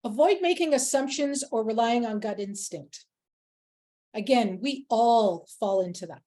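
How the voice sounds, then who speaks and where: Leading a workplace workshop, this woman weaves personal stories into an earnest, emphatic talk. Her voice is slightly high and mellow, and she keeps a measured pace.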